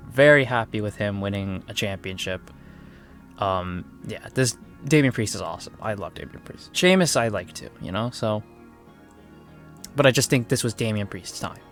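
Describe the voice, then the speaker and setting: A young man giving a casual spoken review, sarcastic and exasperated, often swearing and complaining. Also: mid-range voice. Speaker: wrestling reviewer.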